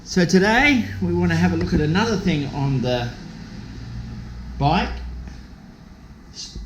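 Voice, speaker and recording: A man's voice: high-pitched, sing-song, a little slow, slight background noise, rough recording. A man casually explaining a motorcycle job step by step in a chatty, upbeat way. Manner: chatty, upbeat, talks through each step. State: has hiccups. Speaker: motorcycle vlogger. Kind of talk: casual how-to talk.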